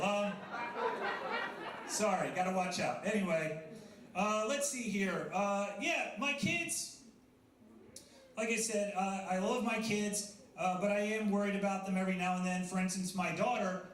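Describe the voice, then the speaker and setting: A man's voice: high-pitched, a bit bright, slight background noise. A man in his thirties doing a chatty, self-deprecating stand-up comedy set, bantering with the crowd. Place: coffee house stage with a live audience. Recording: echoey room with audible crowd.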